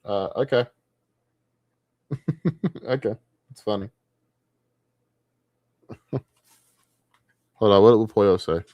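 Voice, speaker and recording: A man's voice: on the low side, takes it slowly, pauses often, no echo, muffled recording. A man streaming late at night, ranting with a lot of profanity and getting easily distracted.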